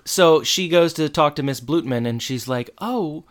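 A man's voice: on the high side, normal speed. Man casually recapping a TV episode. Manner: acts out characters' lines while retelling. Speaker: podcast co-host.

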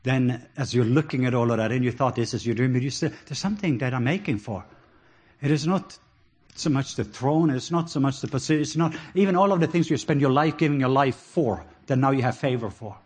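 A middle-aged man with a Norwegian accent preaching a sermon, animated with laughing asides and dropping to soft, intimate tones. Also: medium pitch, fairly quick, husky.

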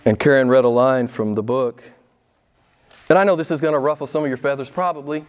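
A man preaching a sermon as pastor, emphatic and full of rhetorical questions, swinging between loud and soft. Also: medium pitch, steady tone, a little fast, smooth.

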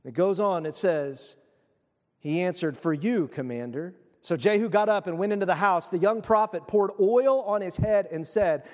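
A man preaching a sermon, retelling a Bible story with animated, casual acted-out voices. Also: high voice, moderate pace, long reverb tail. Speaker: pastor.

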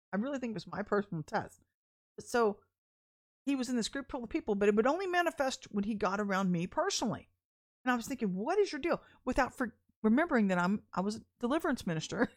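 A middle-aged woman minister telling personal stories in a sermon, chatty and animated, often laughing as she talks. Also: mid-range voice. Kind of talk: candid storytelling sermon.

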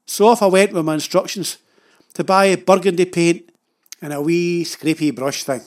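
A man's voice: high-pitched, steady tone, moderate pace. A man with a Scottish accent narrating a humorous story about his own life in a dry, self-mocking way.

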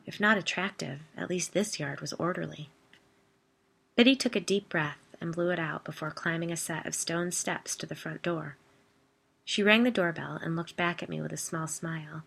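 A woman narrating a first-person storybook in a steady, expressive read. Her voice is slightly low, with a forceful, bright edge. The delivery is scripted and even throughout. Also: normal speed, gravelly, slightly rough. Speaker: audiobook narrator.

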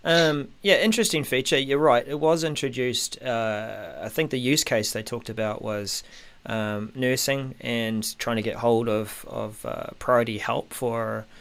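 A man hosting a podcast in casual tech chat, hesitant with many ums, often trailing off softly. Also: mid-range voice, measured pace. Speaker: podcast host.

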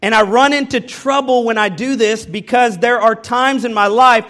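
Man, pastor, very high voice, from the Midwest, candid storytelling sermon, self-deprecating. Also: steady tone, normal speed, a bit bright. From American Midwest. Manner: candid, self-deprecating, speaks directly to the congregation.

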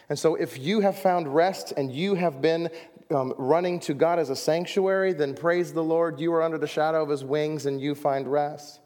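A man preaching a sermon as a pastor, reading scripture and swinging between loud emphasis and hushed lines. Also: medium pitch. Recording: long reverb of a large hall.

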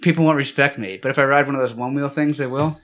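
A man's voice: medium pitch, fairly even intonation, fast, fairly bright tone. A man co-hosting a casual podcast, goofy and laughing often, making silly puns. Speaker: podcast co-host. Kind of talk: casual banter.

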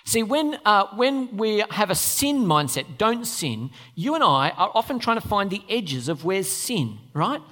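Male preacher, chatty, questioning the congregation, animated intonation, long hall echo. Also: sits high, measured pace, few pauses. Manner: conversational, asks the audience questions. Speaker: pastor. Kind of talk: sermon.

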